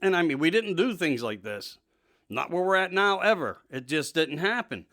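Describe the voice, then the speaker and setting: A man's voice: fairly high pitch, sing-song, normal speed, fairly bright tone. A male host giving an emphatic, indignant political monologue, repeating himself for emphasis. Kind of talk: political talk show monologue.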